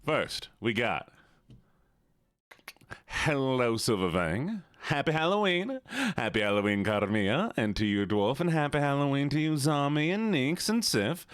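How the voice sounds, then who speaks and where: A man's voice: medium pitch, very animated, measured pace, clean tone, no echo, studio quality. A man putting on a folksy Southern drawl. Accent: Southern US (put on). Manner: chummy drawl, reads off names. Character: drawling Southern-accented man greeting chat. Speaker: streamer. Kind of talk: live stream chat.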